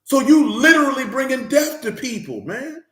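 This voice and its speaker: A man's voice: very high-pitched, very animated, moderate pace, bright, forceful tone, roomy sound. A man preaching an informal Bible teaching, fiery and slangy, hammering his points with repeated rhetorical questions.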